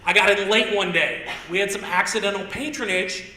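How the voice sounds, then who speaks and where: A young man from Indiana doing a stand-up comedy set on a theater stage, telling rambling stories and punching lines with sudden shouts. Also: sits high, normal speed. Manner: loose, rambling storytelling with stutter-mimicking bits and sudden shouted punchlines. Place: theater stage with live audience. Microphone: handheld stage mic. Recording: roomy theater sound.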